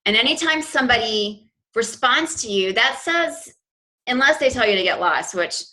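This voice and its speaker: Chatty bright-voiced woman coach. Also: a little high, lively intonation, moderate pace, poor audio. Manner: chatty, with many fillers and restarts. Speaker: fitness business coach. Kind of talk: informal training talk to her team.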